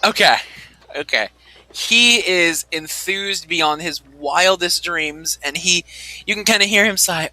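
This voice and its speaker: A man narrating as game master, animated and chuckling, with a lot of "kind of" as he sets scenes. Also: high-pitched, slow, no echo, low-quality recording.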